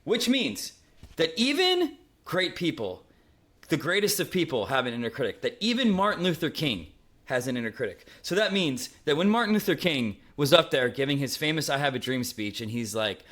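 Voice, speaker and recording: A man hosts his podcast as a comedian, talking through a loose comedic monologue. He tells stories in an animated way and often checks in with the listener. He is recording at a friend's home. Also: mid-range voice, normal speed. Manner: animated storytelling, frequent "okay?" check-ins.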